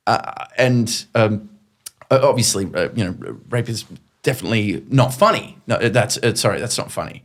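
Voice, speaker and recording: A middle-aged male presenter, a guest telling stories in a quick, animated way and acting out his own past lines. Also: mid-range voice. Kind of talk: conversational storytelling.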